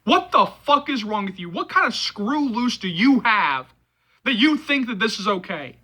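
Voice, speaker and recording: Hoarse man ranting, forceful voice. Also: high voice, very animated, normal speed, poor audio. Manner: heated, repetitive, profane ranting. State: hoarse from yelling. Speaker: movie channel host. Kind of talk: vlog rant to camera.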